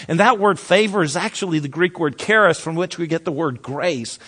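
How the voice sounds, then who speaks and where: A man preaching a sermon emphatically, dropping low for weight and restarting with repeated words. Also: a little fast, few pauses, fairly bright tone. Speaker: pastor.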